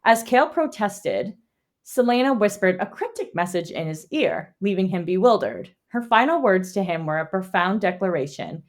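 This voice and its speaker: A woman co-hosting a book club podcast, reading a plot summary and then chatting in an animated way, laughing and swearing. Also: medium pitch, moderate pace. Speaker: podcast co-host. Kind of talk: read summary and casual book chat.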